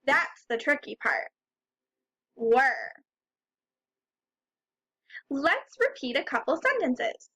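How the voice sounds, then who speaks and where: Casting: woman teacher for a young children's reading lesson, high pitched, unhurried, sounds out each letter patiently. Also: big pitch swings, bright, forceful tone.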